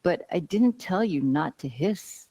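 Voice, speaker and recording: A woman voicing a wise, patient male holy teacher in a story, gently reasoning. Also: on the low side, animated, unhurried.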